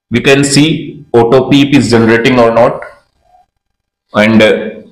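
A man's voice: medium pitch, reverberant, rough recording. A man, a neonatologist explaining ventilator graphics step by step and repeating key terms. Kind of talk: slide lecture.

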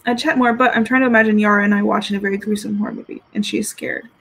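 A woman's voice: medium pitch, steady tone, very fast, fairly bright tone, rough recording. A woman chatting casually on a live stream as she reviews fragrances, giggling and reading out viewer comments. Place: home with dogs.

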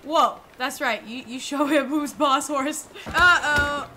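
A young woman streaming a video game, reacting excitably with squeals and shouts. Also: sits high, slow pace, background noise. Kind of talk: live game-stream commentary.

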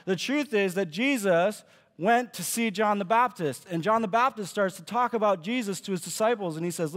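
A man's voice: high-pitched, moderate pace, fairly bright tone, big-room sound. A man giving a sermon as pastor, preaching in a conversational way and acting out the quoted speech he tells. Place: church auditorium.

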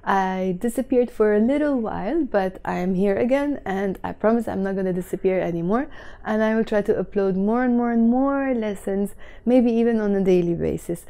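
A young woman with a Lebanese accent, explaining phrases slowly and carefully in a casual vlog lesson. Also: mid-range voice, mellow. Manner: slow careful word-by-word explanations. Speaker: Arabic teacher.

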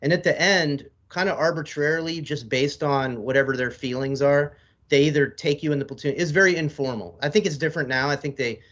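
A man's voice: fairly high pitch, a little fast, a bit bright. Laid-back swearing man, dull audio. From United States. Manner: profane, rambling, laid-back storyteller. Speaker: podcast guest, military veteran. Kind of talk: casual storytelling in an interview.

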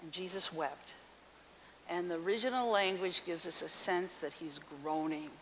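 A woman pastor reading scripture and preaching a sermon in an expressive voice, asking the congregation questions. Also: fairly low pitch, normal speed. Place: church sanctuary. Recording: reverberant hall with faint hiss.

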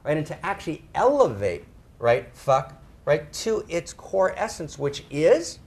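A middle-aged man speaking to a live audience, emphatic, often tagging his phrases with "right?" and slowing down to stress key words. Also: on the high side, big pitch swings. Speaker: speaker on spirituality and sexuality. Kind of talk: animated talk to a live audience.

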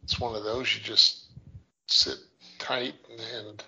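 Gravelly, husky man, slow and sharp. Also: on the low side, big pitch swings, muffled recording. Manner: dry, wry remarks. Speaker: podcast co-host. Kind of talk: casual chat.

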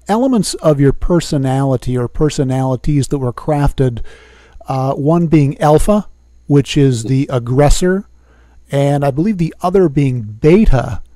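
A man hosting an interview, asking measured questions with the odd filler. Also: on the high side, mellow, dry recording, clean studio sound. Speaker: interviewer host.

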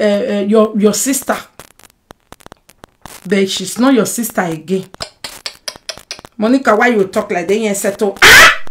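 There is a little hiss or hum on this rough recording of a Nigerian Pidgin-accented woman vlogging a personal message to a rival on camera. Animated and emphatic, she repeatedly tosses in rhetorical "eh?" asides, alternating loud bursts with low mutters.

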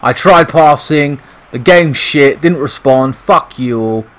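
A man's voice: a little high, takes it slowly, fairly bright tone, rough recording. A young British man giving frustrated, swear-heavy commentary over a football video game. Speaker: gaming YouTuber. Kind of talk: gameplay commentary.

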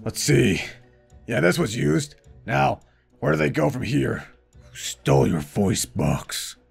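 Man doing a gravelly, exasperated gator animatronic. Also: mid-range voice, very animated, faint music behind, full character voice. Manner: exasperated, scolding, hurried asides. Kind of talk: VR role-play.

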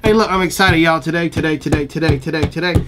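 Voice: medium pitch, fast talker, noisy background. A vlog host talking giddily, repeating phrases and breaking into bits of song. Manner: giddy, repetitive, breaks into song. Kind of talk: excited unboxing vlog.

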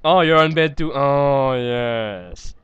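A man giggling and rambling his way through casual gameplay commentary, chatting to himself as he plays. His voice sits at an ordinary middle pitch and sounds smooth and resonant. The recording is dry and close, with no room sound. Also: slow pace, a bit bright, dry recording, dull audio. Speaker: let's play host.

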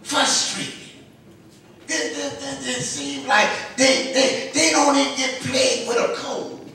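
A man's voice: very high voice, steady tone, slow, gravelly, pushed and bright, a little hiss or hum. A man, a pastor, preaching a sermon and leading the congregation in call-and-response. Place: church sanctuary. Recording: echoey church from a distance.

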